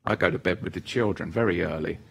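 A man preaching a sermon, animated and asking his congregation rhetorical questions, swinging between loud exhortation and hushed asides. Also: low-pitched, quick pace, vocal fry, breathy edge.

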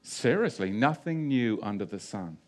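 A man preaching a sermon, mixing loud emphatic bursts with quieter scripture reading, full of rhetorical questions and repeated phrases. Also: mid-range voice, lively intonation, moderate pace.

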